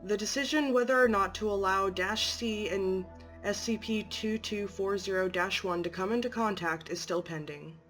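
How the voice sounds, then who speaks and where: A woman narrating a horror story in an even, matter-of-fact reading. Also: mid-range voice, moderate pace, faint music behind.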